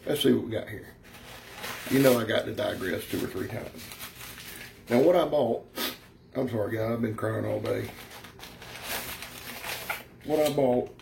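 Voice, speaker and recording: Gravelly folksy man. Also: on the low side, unhurried, long pauses, noisy background. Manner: folksy, rambling, brash, keeps calling viewers "son". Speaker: knife reviewer. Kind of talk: casual product review.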